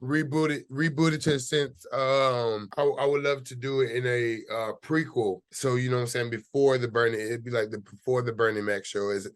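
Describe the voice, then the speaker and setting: A man's voice: medium pitch, fairly even intonation, moderate pace, few pauses, clean tone, no room sound. A man guest in an interview, talking casually and telling his story with lots of fillers. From United States. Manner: easygoing storytelling, many fillers. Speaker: actor guest.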